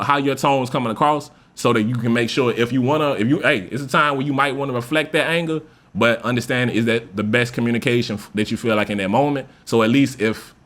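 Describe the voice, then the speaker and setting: A man hosting a podcast, talking casually and loosely with lots of profanity, now and then acting out example voices. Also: medium pitch. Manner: loose, profane, animated speaker who acts out example voices. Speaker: podcast host. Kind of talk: casual monologue.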